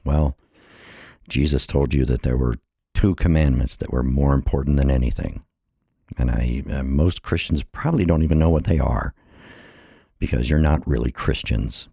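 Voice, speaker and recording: Very deep gravelly middle-aged man. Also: normal speed, dark tone, dry recording, studio quality. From United States. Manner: earnest, impassioned, repeats phrases. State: a little out of breath. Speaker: vlogger. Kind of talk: personal monologue.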